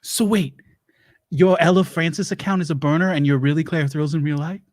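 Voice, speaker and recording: Guy playing a rambling divorced survival lecturer, halting deadpan, bit high, dry close sound. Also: dry recording, natural voice. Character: rambling divorced doomsday-prep lecturer man. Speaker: host playing a doomsday prep lecturer. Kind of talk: improvised comedy character.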